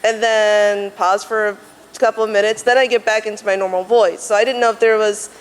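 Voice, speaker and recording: A woman's voice: mid-range voice, fairly even intonation, brisk. Hesitant woman asking from the floor. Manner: hesitant, fumbling for words. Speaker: audience member asking a question. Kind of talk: casual question from the floor. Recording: convention hall reverb.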